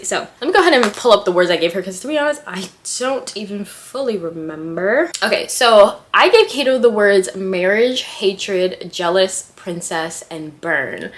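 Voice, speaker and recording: A woman vlogging casually, reading a story aloud and breaking off into giddy, excitable reactions. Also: mid-range voice. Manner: reads fiction aloud softly. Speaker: writing vlogger.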